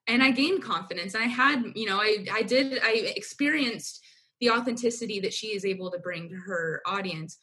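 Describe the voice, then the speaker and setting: A young adult woman speaking as a coach on a podcast, candid and loose, with plenty of filler words. Her voice sits at a middle pitch for a woman. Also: sharp tone. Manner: candid, uses filler "like" and mild swearing. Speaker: business coach, podcast guest. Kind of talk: casual podcast conversation.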